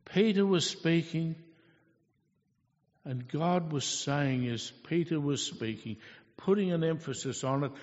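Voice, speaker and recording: A man's voice: fairly high pitch, unhurried, darkish tone. A man preaching a sermon in an earnest, storytelling manner, asking rhetorical questions. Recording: echoey hall, dull lo-fi sound.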